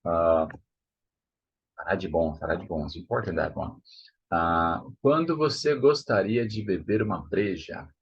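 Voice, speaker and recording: A Brazilian man teaching Portuguese, saying each word slowly and repeating it to model the pronunciation. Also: sits low, breathy edge. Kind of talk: language lesson. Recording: dull lo-fi sound.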